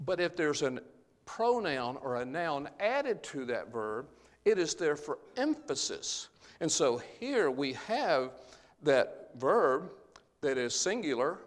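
A man preaching a Bible-teaching sermon, earnest and explanatory, often pausing on "uh" as he works through the passage. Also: fairly high pitch. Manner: earnest, explanatory, with frequent "uh" fillers. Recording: long reverb of a large hall.

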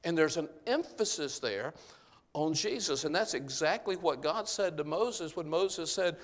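A man preaching a Bible-teaching sermon, earnest and explanatory, often pausing on "uh" as he works through the passage. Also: a little high, lively intonation. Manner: earnest, explanatory, with frequent "uh" fillers. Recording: long reverb of a large hall.

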